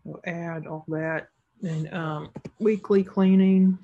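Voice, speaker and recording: A woman's voice: fairly low pitch, fairly even intonation, takes it slowly, phone-quality sound. A woman narrating a screen-recorded tutorial as an online seller, casual and thinking aloud as she clicks through each step.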